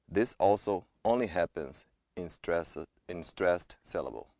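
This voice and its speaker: Low-voiced man slowly reading vowel examples. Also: expressive, mellow, dry recording, clean studio sound. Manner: measured, careful pronunciation of single words. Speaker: guest reader.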